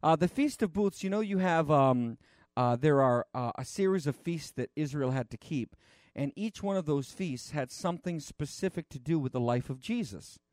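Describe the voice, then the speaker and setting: A man preaching a conversational sermon, rambling and animated, with frequent restarts and fillers. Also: a little high, normal speed, no room sound, clean studio sound.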